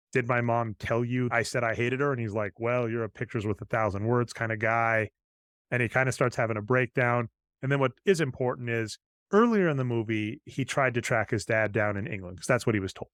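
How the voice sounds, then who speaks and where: In a dry recording, a man with a mid-range, somewhat bright voice co-hosts a podcast. He casually walks through a film, recounting scenes and reciting what the characters say.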